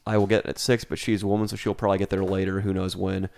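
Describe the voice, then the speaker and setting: A young adult man co-hosting a comedy podcast, telling crude stories in a deadpan, profane way. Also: low voice, fast talker, gravelly. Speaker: podcast co-host.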